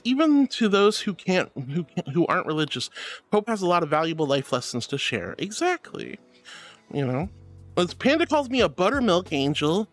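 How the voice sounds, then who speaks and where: A man streaming live, reading chat messages aloud in a playful, giggly, affectionate way. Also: a little high.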